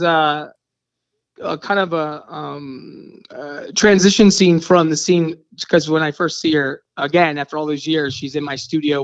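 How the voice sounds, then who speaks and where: Give me an animated male actor telling stories on the radio. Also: on the high side, dull audio. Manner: animated storyteller, acts out scenes. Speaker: actor guest. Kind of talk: radio interview.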